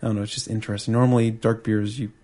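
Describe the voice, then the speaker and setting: A man's voice: on the low side, level tone, rapid-fire, mellow. A man co-hosting a podcast, talking about beer in a casual, easygoing way that rambles with fillers. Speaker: podcast co-host. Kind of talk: casual beer-tasting chat.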